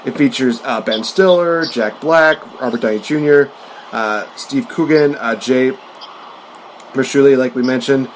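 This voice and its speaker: Regular-pitched guy rambling on a podcast, lots of uhs and laughs, faint hiss behind. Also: a little slow. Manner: rambling, laughing, full of fillers. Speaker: podcast host. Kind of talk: casual chat about movies.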